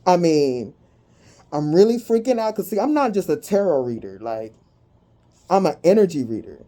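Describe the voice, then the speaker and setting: A woman giving a tarot and energy reading to her viewers, talking in an animated, slangy way and breaking into sudden whoops of excitement. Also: on the low side, unhurried, pauses often.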